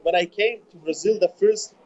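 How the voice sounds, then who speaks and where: A man in his twenties with a German accent, a bodybuilder speaking English as a second language in a casual interview, halting and repeating words as he searches for them. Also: high voice, darkish tone. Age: 20s. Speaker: bodybuilder guest. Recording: dull lo-fi remote audio.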